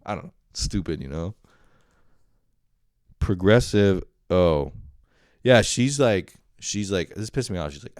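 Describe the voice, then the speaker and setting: A young man rambles through a casual solo podcast, swearing freely and laughing at himself as he goes. His voice sits low and comes through smooth and resonant, recorded dry and close. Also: normal speed, darkish tone, dry recording. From Canada. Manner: rambling, profane, self-deprecating, with frequent laughs. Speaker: podcast host.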